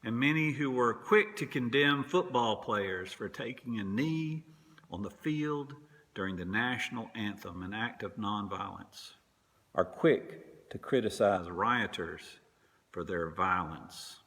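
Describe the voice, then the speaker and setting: A man preaching a sermon as pastor, slow and deliberate, sometimes dropping to a whisper. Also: on the low side, animated, fairly bright tone, big-room sound. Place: church sanctuary.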